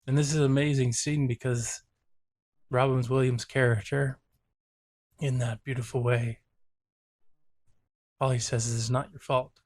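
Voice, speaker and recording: A man's voice: medium pitch, little pitch movement, a little slow, long pauses, darkish tone. A man who is a therapist and host, giving earnest, reflective reaction commentary and openly saying when he is moved.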